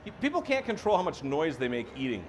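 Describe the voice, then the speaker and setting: A man's voice: on the high side, very animated, fast talker. Male talk-show co-host, playful and needling, bouncy intonation. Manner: teasing, laughing banter. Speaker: podcast co-host. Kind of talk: casual chat. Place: live taping venue.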